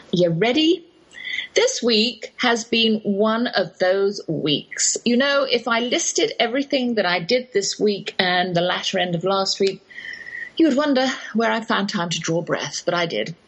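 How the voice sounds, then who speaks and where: A woman's voice: mid-range voice, breathy edge, rough recording. A middle-aged woman with an English accent, hosting a radio show in a rambling, anecdotal talk with devotional asides. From England. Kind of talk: chatty radio monologue.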